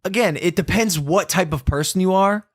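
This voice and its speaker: A young man hosting a podcast, spinning an anecdote with lively energy and leaping up in pitch whenever he quotes someone. His voice sits a touch high, recorded close and dry on a studio mic. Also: moderate pace, no echo. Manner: animated, jumps up in pitch for excited quotes. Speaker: podcast host. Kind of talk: storytelling in casual podcast chat.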